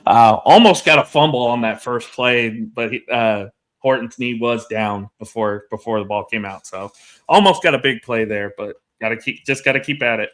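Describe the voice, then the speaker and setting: A man co-hosting a watch-along, giving steady casual play-by-play of a football game. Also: mid-range voice, moderate pace. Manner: steady play-by-play, agrees with short acknowledgements.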